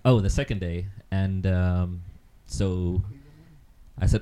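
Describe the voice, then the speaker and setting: A man's voice: low voice, slow, dark tone. A man co-hosting a casual chat, rambling through an anecdote with lots of ums and easy laughs. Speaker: podcast co-host.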